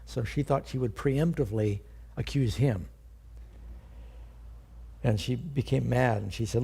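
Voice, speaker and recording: A man's voice: medium pitch, unhurried, vocal fry, long pauses, dark tone, breathy edge. An older man, a pastor, teaching a sermon in a conversational way and asking his listeners questions.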